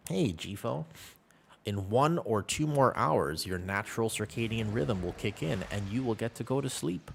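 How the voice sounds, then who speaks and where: A man's voice: lowish voice, a little slow, creaky, a little hiss or hum. A man streaming from home, chatting casually and rambling with his viewers. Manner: rambling, relaxed, chats with viewers. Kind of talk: casual chat with chat while gaming. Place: at home with a cat.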